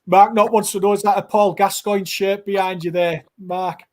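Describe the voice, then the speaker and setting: A man's voice: high voice, little pitch movement, normal speed. A man hosting a casual interview, trading friendly banter with his guest and passing on listener questions. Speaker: show host.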